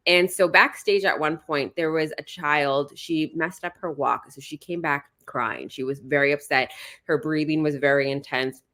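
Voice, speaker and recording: Low-voiced chatty woman guest. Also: bright, forceful tone. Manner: chatty, quick, with frequent "like" fillers. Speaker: psychologist guest. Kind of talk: casual interview chat.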